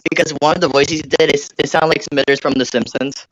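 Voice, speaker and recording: An eager co-host chatting along on the stream. His voice sits fairly high, and he sounds a bit distant from the mic. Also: fairly even intonation, fast talker, dull audio.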